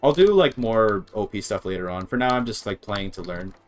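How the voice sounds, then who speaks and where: A man with a lowish voice chats casually through a game stream, thinking out loud, stumbling over words as he tries them, and tossing in the odd curse. Faint music plays underneath. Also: lively intonation. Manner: thinks aloud, sounds out words haltingly, swears casually. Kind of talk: casual live-stream gameplay chatter.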